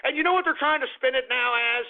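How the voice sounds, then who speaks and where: A man's voice: very high voice, quick pace. A man hosting a radio show, ranting crudely with a lot of profanity. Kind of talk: call-in radio rant. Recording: narrow phone-like radio audio.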